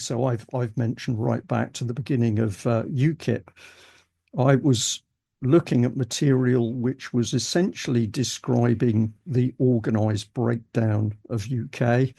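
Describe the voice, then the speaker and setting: A British male host with a gravelly, husky voice asks questions and responds with a hesitant, stop-start delivery. His tone is dark and mellow. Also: mid-range voice, fairly even intonation, a little slow. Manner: hesitant, restarts, fillers. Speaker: host, interviewer. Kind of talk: political interview.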